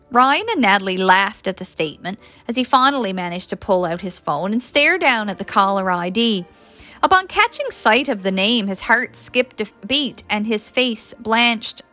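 A woman narrating a story in an expressive reading voice. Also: mid-range voice, normal speed, soft background music. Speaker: audiobook reader.

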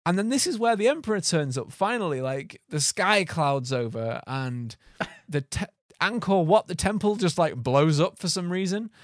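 A man hosts a podcast in a bouncy, animated way, his voice climbing and dipping freely. He sits a little higher than most men. The sound is dry and close. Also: moderate pace, hardly any pauses, no room sound. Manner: animated, laughing, mimics film voices. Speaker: podcast host. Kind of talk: casual podcast chat.

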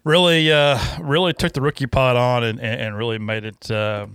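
A man's voice: medium pitch, fairly even intonation, moderate pace, fairly bright tone, clean tone, no echo, clean studio sound. A man hosting a podcast in casual, rambling chat, laughing and restarting his sentences. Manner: rambling, laughing, self-interrupting. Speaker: podcast host.

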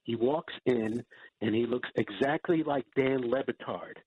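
Man, radio caller, slow dry delivery, plain voice. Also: medium pitch, breathy edge, phone-quality sound. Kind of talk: phone-in call to a radio show.

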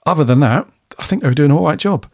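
A man's voice: on the high side, expressive, very fast, no room sound. Chatty man, dry close sound. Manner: laid-back and chatty, swears freely, laughs often. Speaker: podcast co-host reviewing a TV episode. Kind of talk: casual chat.

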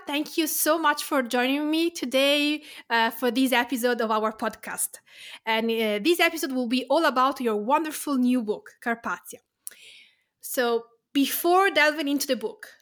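Italian woman host, a bit high, enthusiastic, casual podcast chat. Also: moderate pace, a bit bright. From Tuscany, Italy.

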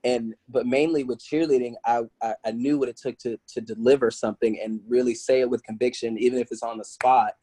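A man speaking as a podcast guest, telling casual stories with lively energy and acting out other people's voices. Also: mid-range voice, fairly quick, few pauses, husky, dry recording, low-quality recording. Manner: animated, acts out quoted voices, laughs often. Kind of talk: casual storytelling interview.

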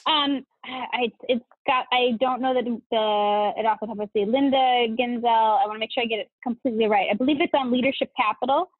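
A woman's voice: fairly high pitch, fairly even intonation, brisk, hardly any pauses, dry recording. A woman guest on a podcast, chatting casually and enthusiastically, gushing and laughing often. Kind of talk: casual interview chat. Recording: tinny phone-like line.

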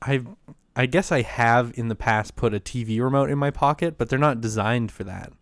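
Man, casual podcast storyteller, smooth clear voice, dry close sound. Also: medium pitch, moderate pace, no room sound. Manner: laid-back, swears freely, laughs often. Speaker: podcast co-host.

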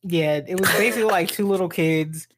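A woman's voice: fairly low pitch, a little fast, slight background noise. A young woman co-hosting a casual book-discussion podcast, talking in a laid-back, wry way and often chuckling. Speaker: podcast co-host.

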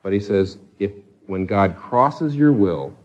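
A man's voice: lowish voice, expressive, takes it slowly, a little mellow, dull audio. A man preaching a sermon with passion, pressing his listeners with pointed rhetorical questions. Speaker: pastor.

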